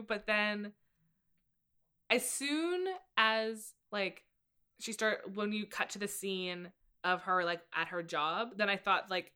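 A woman's voice: mid-range voice, a little slow, pushed and bright, clear, resonant tone. A woman in her late twenties, co-hosting a podcast in bubbly, rambling casual chat. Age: late 20s. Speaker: podcast co-host.

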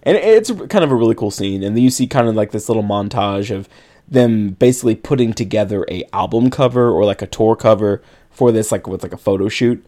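A man with a fairly low voice recaps a film for a podcast co-host. He rambles casually and leans on filler words. He keeps it loose and conversational. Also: a little fast, warm tone. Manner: rambling retelling with many likes and you-knows.

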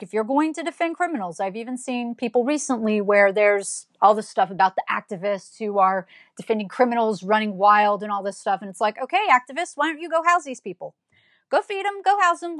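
Woman ranting straight to camera, kinda high voice, dry close sound, keeps asking pointed questions. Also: no echo. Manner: emphatic, fires rhetorical questions; blunt and scolding. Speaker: commentator. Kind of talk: opinion monologue.

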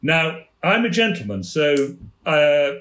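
A man, a theatre producer telling anecdotes on a chat show, animated and laughing as he goes. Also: on the high side, slow pace, roomy sound. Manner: animated storyteller, laughing mid-story.

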